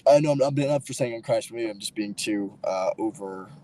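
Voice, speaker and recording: A man's voice: lowish voice, quick pace, mellow, slight background noise, poor audio. A man hosting a livestream, rambling and arguing with his chat in a loose, profane way, full of fillers and restarts. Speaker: livestream host. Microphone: streaming mic.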